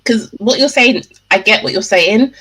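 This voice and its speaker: A woman's voice: medium pitch, normal speed, fairly bright tone, a little hiss or hum, low-quality recording. A woman guest in a casual book discussion, talking bluntly and with animation.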